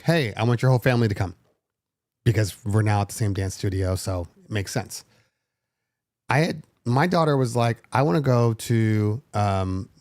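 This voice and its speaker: A man's voice: mid-range voice, no echo. Middle-aged male podcast host, dry close sound. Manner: animated, emotional retelling with many fillers. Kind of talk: casual storytelling.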